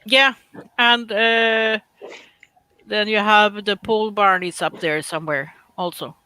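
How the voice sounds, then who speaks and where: Swedish man, casual voice chat, bright voice, dry close sound. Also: high-pitched, fairly even intonation, slow pace, smooth, no room sound. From Sweden. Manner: chatty, slightly broken English, musing aloud. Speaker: chat participant.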